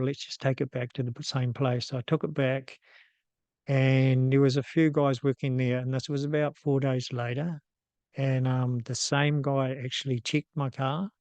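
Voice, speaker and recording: NZ man in his 50s, host telling a personal story, steady flat delivery, lots of ums, dry close sound. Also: medium pitch, smooth, no echo. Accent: New Zealand. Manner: casual and unhurried, with frequent ums and restarts.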